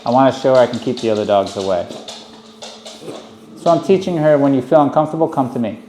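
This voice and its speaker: A man working as a dog trainer, explaining a dog's behavior in a calm, steady way and softly praising her. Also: medium pitch, fast talker, roomy sound, faint music behind.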